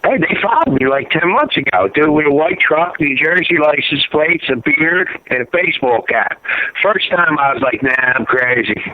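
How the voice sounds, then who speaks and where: A man's voice: on the high side, lively intonation, normal speed, no echo. A middle-aged man, father of a fallen serviceman, telling his story as a guest over the phone in a rambling way, full of "you know" and "uh". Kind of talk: emotional phone interview. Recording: tinny phone line, dry.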